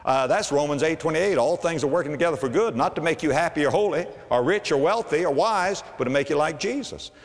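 A man preaching a sermon, with a dramatic delivery that swings from quiet asides to ringing high cries. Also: lively intonation, fast talker, few pauses. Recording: long hall reverb.

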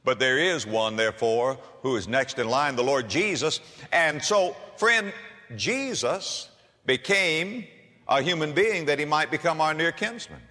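A man's voice: a little high, animated, a little slow, pushed and bright. A man preaching a sermon in a folksy storytelling manner, with humor, addressing listeners as friends. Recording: reverberant hall.

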